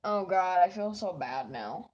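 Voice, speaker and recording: A woman's voice: on the low side, expressive, measured pace, dull audio. A woman with a stuffy nose, chatting casually with live viewers while she draws, giggly and poking fun at herself. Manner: giggly and self-mocking. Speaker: artist streaming while drawing.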